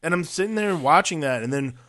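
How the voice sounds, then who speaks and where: A man co-hosting a casual film discussion podcast, talking in an animated way, swearing freely and acting out lines he quotes. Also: fairly high pitch, fast. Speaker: podcast co-host.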